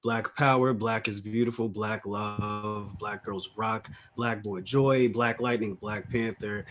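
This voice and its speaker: A man's voice: on the low side, fairly even intonation, slow, fairly bright tone, faint music behind. A man doing a stand-up comedy set over a video call, talking loosely and conversationally with plenty of slang.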